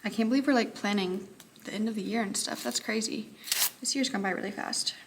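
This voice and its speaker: A woman's voice: medium pitch, a little fast, heavy background noise. Tired, chatty young Texan woman. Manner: chatty, often whispering quietly. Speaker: high school math teacher. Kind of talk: casual vlog chat.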